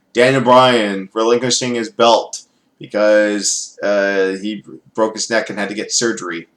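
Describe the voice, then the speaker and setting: A man's voice: on the low side, a bit bright. A man reviewing a TV show in a casual video, rambling and sarcastic, with many fillers.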